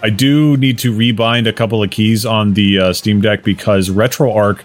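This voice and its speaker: A man's voice: lowish voice, steady tone, moderate pace, faint music behind. Rambling, jokey man on a podcast. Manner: laughs often, rambling jokey asides. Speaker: podcast co-host. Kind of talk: casual chat.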